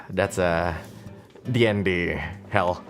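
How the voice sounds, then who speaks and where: Young man, streamer doing a playful Q&A, unhurried, soft guitar music behind. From Indonesia. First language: Indonesian. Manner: playful, teasing, often jumps into a high excited voice. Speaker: streamer answering viewer questions. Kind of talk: casual chat. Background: faint guitar music.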